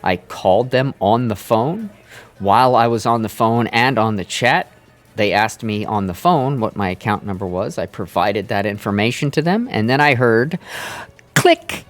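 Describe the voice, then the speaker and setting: Streaming live, a man with a lowish voice delivers a long, casual rant at a moderate pace, sounding animated. He's exasperated and profane, his anger building as he goes.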